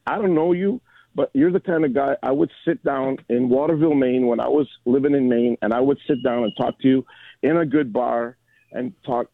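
A man in his sixties calling in to a sports radio show, rambling and halting with many restarts. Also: medium pitch, no echo. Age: 60s. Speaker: caller. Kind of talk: call-in chat. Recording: tinny phone line.

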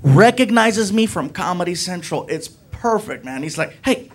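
High-voiced man doing stand-up. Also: moderate pace. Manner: animated, conversational, tags lines with "right?" and "man". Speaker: stand-up comedian. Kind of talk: stand-up storytelling. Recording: noisy live comedy club with audience laughter.

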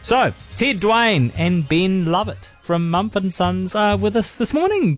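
A man hosting a morning radio interview, chatty and quick to laugh, often restarting his sentences. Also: sits high, sing-song, faint music behind. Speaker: radio host.

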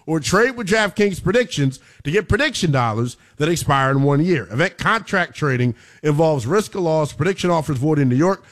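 A man hosting sports radio, reading a show promo and a betting ad with its rapid legal terms in a brisk announcer delivery. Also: on the high side. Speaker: sports radio host and ad reader.

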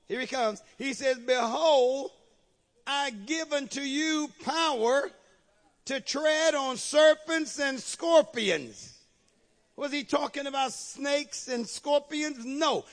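A male pastor preaching a sermon, calling out to the congregation and building to shouted passages. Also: extremely high pitch. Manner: call-and-response preaching, rising to shouts.

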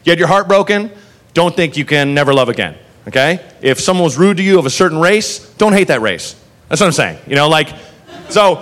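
A man doing stand-up comedy on a club stage, telling a profane story and acting out the characters in quick voices. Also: a little high, fairly bright tone, a little hiss or hum. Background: audience laughter.

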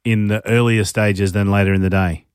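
A man's voice: on the low side, fairly even intonation, smooth, no room sound, clean studio sound. Joking radio host man. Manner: jokey, quick interjections. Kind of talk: casual radio banter.

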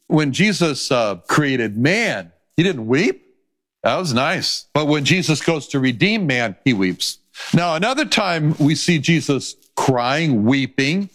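A man preaching a sermon, emphatic and repetitive, rising to high passionate pleas and reading scripture aloud. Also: fairly bright tone. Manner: quotes old-style scripture wording aloud.

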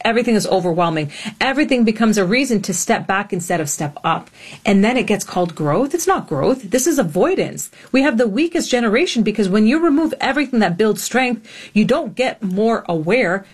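A woman delivers a firm, lecturing monologue of the kind posted online. Her voice is husky. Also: mid-range voice.

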